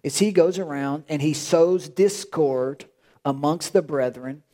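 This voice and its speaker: A man's voice: fairly high pitch, a little slow, dark tone. A male pastor preaching a sermon in an emphatic, repetitive way, often restarting his phrases.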